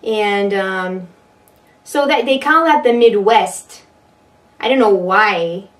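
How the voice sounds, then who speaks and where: Slow-talking woman accent coach, distant. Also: medium pitch, a bit bright. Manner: playful, demonstrating accents by example. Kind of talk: video tutorial played back.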